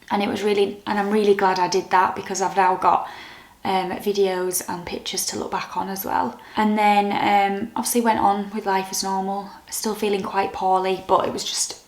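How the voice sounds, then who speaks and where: A young British woman vlogger telling a personal story to camera in a soft, candid, halting way that turns emotional. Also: mid-range voice, little pitch movement. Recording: echoey room.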